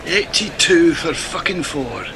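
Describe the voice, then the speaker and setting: A man's voice: a little high, lively intonation, measured pace, background noise. A man doing sweary, joking ball-by-ball cricket commentary in a put-on Scottish accent.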